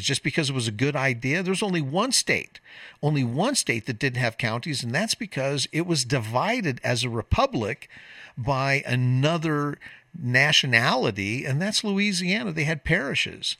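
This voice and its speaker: A man's voice: a little high, sharp tone, no room sound, studio quality, far from the mic. A man hosting a call-in talk radio show, lecturing emphatically in a long monologue that drifts into tangents.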